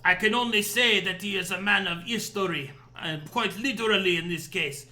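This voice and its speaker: A man's voice: high voice, normal speed, bright, forceful tone. A man voicing a sly, courteous male gator informant with a put-on French accent and theatrical manner. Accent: fake French.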